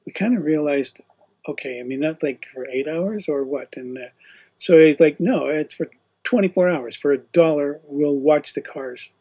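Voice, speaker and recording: Guy telling a long rambling story, kinda husky, pitch sits a bit high. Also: normal speed, a little mellow. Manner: rambling anecdotal storyteller, voices quoted people. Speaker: former teacher leading a student trip. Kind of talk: casual storytelling.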